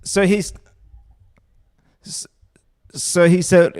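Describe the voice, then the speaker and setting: A man's voice: sits high, moderate pace. Taunting man hosting a live stream. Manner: taunting, mocking, argumentative. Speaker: livestream host. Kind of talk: heated live stream argument.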